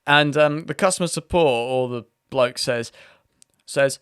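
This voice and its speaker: A man's voice: medium pitch, a little slow, fairly bright tone, clean tone, no echo, clean studio sound. A man hosting his own video, chatting casually and laughing as he reads out posts. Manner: amused, laughs often, chatty with many restarts. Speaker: vlog host. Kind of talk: casual commentary reading posts aloud.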